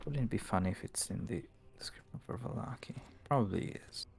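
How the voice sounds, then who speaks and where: A man narrating as game master of a tabletop game, unhurried and pausing to look things up. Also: lowish voice, creaky, a little mellow.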